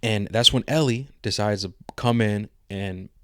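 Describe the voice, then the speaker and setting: A man's voice: on the low side, a little slow, bright, forceful tone, clean tone, dry recording. A man co-hosting a podcast in casual chat, rambling in slang and retelling scenes with quoted lines. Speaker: podcast co-host.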